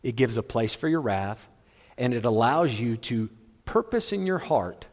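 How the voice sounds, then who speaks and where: A man preaching a sermon in a large hall, animated and humorous with a theatrical flair. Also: mid-range voice, unhurried. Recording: long hall reverb.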